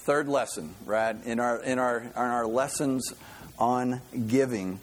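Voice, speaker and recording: A middle-aged man preaching a sermon in a halting, folksy way, often repeating words as he goes. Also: mid-range voice, a little hiss or hum. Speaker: pastor.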